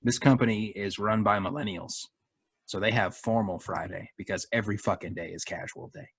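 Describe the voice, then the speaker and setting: A man's voice: lowish voice, fairly quick, creaky, fairly bright tone, slightly rough, no room sound. A middle-aged man with a Boston accent, telling profane, sarcastic stories in casual chat. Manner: profane, ranting, sarcastic storytelling.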